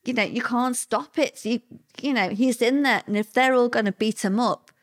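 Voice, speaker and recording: A woman's voice: a little high, normal speed. Woman telling a story plainly. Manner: plain-spoken, vivid storytelling. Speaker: interviewee. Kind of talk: personal recollection in an interview.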